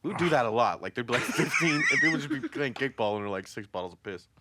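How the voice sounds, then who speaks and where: A male comedian in a casual podcast chat, telling crude anecdotes in a loose, deadpan way. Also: mid-range voice, rapid-fire. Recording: noisy background hiss.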